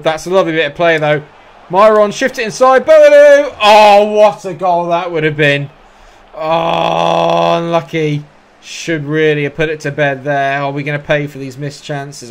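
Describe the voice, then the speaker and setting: A young man commentating his own football video game, muttering through play and shouting when goals go in. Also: fairly high pitch. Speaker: gaming YouTuber.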